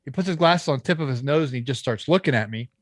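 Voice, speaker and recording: A man, a landscaping business owner, telling a story as a podcast guest, lively and acting out the people he quotes, with frequent restarts. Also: mid-range voice, quick pace, dry recording, clean studio sound. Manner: animated storyteller who acts out quoted dialogue. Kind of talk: casual storytelling interview.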